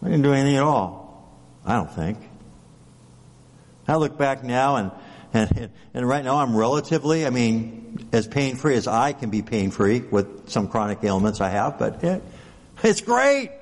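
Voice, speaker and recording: A pastor with an animated, mid-range voice preaches a sermon at a moderate pace, in a long hall reverb. He keeps it conversational, posing rhetorical questions and often adding "right?" to check in.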